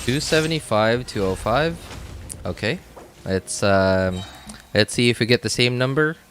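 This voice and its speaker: A man's voice: mid-range voice, animated, a little slow, fairly bright tone, a little hiss or hum. A man streaming a video game, chatting casually and rambling, with frequent self-corrections and laughs. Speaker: gaming streamer. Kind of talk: casual gameplay commentary.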